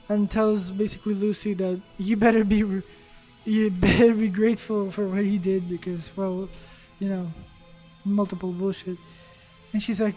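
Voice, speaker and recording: A gaming video creator casually recapping a game story, animated and profane, throwing in spoken sound effects. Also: mid-range voice, moderate pace, highs cut off, soft background music.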